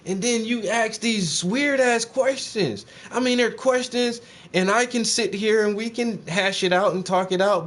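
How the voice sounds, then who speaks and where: A man streaming live while he paints, chatting casually to his viewers in a blunt, animated way, swearing freely and firing off rhetorical questions. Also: sits high, a little slow, few pauses.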